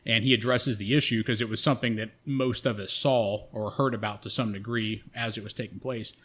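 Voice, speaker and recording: A man's voice: fairly low pitch, steady tone, brisk, fairly bright tone, breathy edge. Profane man telling a rambling story. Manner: profane, rambling, frequent restarts. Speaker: podcast co-host. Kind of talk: casual storytelling.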